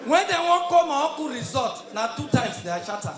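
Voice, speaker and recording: A Nigerian man doing stand-up, his voice pitched very high and swinging widely as he shouts punchlines in Pidgin. He takes his time between lines. The sound is roomy and echoing, with a crowd faintly audible behind him. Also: big pitch swings, fairly quick, hardly any pauses, faint music behind. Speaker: stand-up comedian. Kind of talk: stand-up comedy routine. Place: live comedy show stage with audience. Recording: echoey live venue with crowd.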